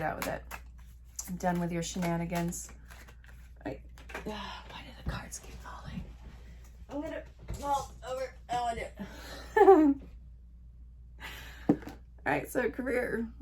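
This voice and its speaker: A woman in the middle of a casual tarot reading, talking straight to her viewers and coaxing spirit to show the cards. Her voice sits at an ordinary middle pitch, and her delivery is chatty, encouraging and emphatic. A faint hiss runs under the recording. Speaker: tarot reader and life coach.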